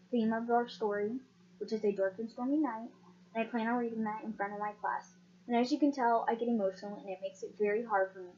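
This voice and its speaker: A teenage girl reading her own heartfelt story aloud, tearful and emotional, speaking earnestly with some halting pauses. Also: medium pitch, a little mellow, highs cut off, a little hiss or hum. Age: late teens. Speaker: vlogger.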